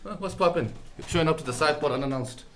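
A man's voice: on the high side, fast talker, noisy background. A young man joining a podcast as a late guest, playful and mock-bossy in casual chat.

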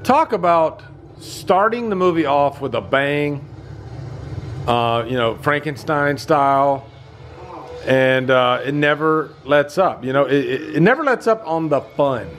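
A man's voice: fairly high pitch, animated, unhurried, a bit bright. A middle-aged man giving casual movie reaction commentary, enthusiastic and loose, swearing freely. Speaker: vlogger.

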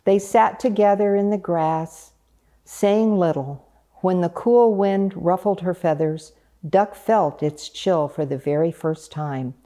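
A woman reading a picture book aloud in a gentle, unhurried way. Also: lowish voice. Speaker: storyteller.

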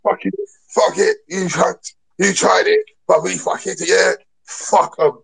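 A man mocking someone as a boastful East London lad, bragging loud and slurred in a thick Cockney accent. The voice is gravelly and husky, sitting a little higher than most men's. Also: steady tone, a little slow, exaggerated voice, rough recording. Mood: rowdy bragging. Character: brash boastful male East London lad, football fan.

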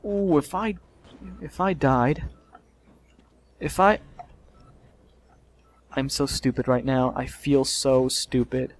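A young man giving casual let's play commentary, swearing and yelling in frustration as he plays. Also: mid-range voice, expressive, slow, pauses often.

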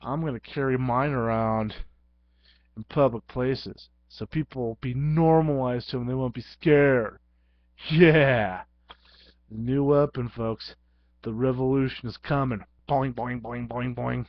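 A man's voice: mid-range voice, steady tone, measured pace, no echo. Guy goofing around in a home video, silly sound effects, dull lo-fi dry mic. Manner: goofy, playful, sound effects. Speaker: vlogger. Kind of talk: casual talk to camera. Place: home, at his computer.

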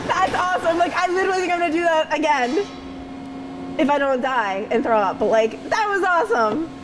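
A young woman reporter squeals in a very high voice, giddy and breathless, as she reports live. Clear park noise and traffic run behind her outdoors. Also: animated, fairly quick. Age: 20s. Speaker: TV news reporter. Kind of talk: excited live report from a roller coaster.

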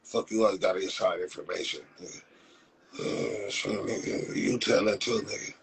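A man's voice: low-pitched, fairly even intonation, moderate pace, creaky, a little hiss or hum, rough recording. A man from Compton in Los hosts a live stream, mocking viewers in profane, casual talk with frequent laughs. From Compton, Los Angeles.

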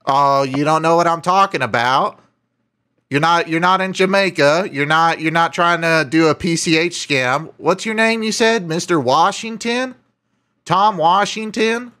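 A man streaming a scam-baiting call, excitable and swearing freely as he laughs and gushes. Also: on the high side, measured pace. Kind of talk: casual streamed prank call.

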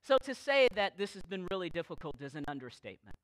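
Lively-voiced male pastor preaching. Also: sits high, fast talker, no room sound, rough recording. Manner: candid, self-deprecating storytelling with dry humor. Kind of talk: sermon. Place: church service, recorded live.

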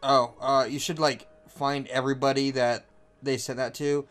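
A man's voice: mid-range voice, flat delivery, moderate pace, fairly bright tone, faint music behind. A man co-hosting a let's play, chatting casually and offering joking backseat advice while his friend plays. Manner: joking, offhand backseat commentary. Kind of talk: casual gameplay chat.

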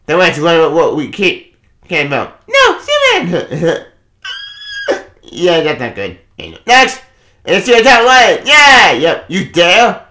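Male comic reviewer, high animated voice, loud excitable delivery full of curses, roomy echo. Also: measured pace, pauses often. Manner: excitable, swears a lot, laughs often. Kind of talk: casual spoken review.

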